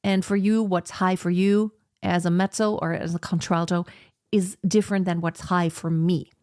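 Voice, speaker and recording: A woman teaching singing, explaining slowly and breaking into sung operatic soprano examples. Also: on the low side, little pitch movement, warm tone, no room sound, clean studio sound. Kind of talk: vocal lesson with sung demonstrations.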